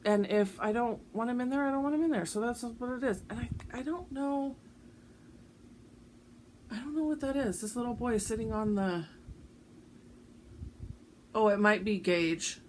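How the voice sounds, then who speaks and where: A woman chatting casually about her stitching projects, rambling with lots of ums, her voice going a bit hoarse. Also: a little high, unhurried, pauses often, a little hiss or hum. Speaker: cross-stitch vlogger. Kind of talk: casual show-and-tell chat.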